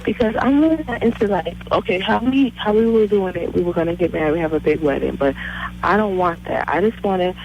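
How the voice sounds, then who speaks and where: A woman's voice: fairly low pitch, a little fast, darkish tone. A woman in her thirties calling into a radio show, rambling and hesitant, circling back with fillers. Her cell phone line sounds dull and muffled, with a light hiss behind it. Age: 30s. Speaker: caller.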